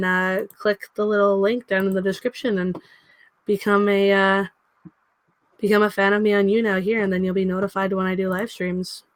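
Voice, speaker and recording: A young woman chats on her livestream in a loose, rambling way, now and then cooing baby talk at her dog. Her voice sits at an ordinary middle pitch. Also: no echo. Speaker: livestream host. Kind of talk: casual livestream chat.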